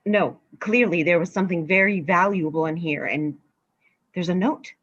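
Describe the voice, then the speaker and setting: A woman reading a bookish treasure hunter, breathy. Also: on the low side, normal speed, a bit bright, no room sound, lo-fi sound. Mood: earnest. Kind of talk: staged play reading.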